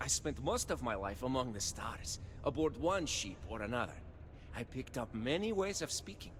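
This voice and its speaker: A man's voice: on the high side, fairly bright tone, big-room sound, a little hiss or hum. A man voicing a chatty male space trader in a video game, with an unplaceable mixed accent and formal, contraction-free speech. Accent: unplaceable mix from life among ships. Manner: formal, avoids contractions, salesman's charm. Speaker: shopkeeper and trader.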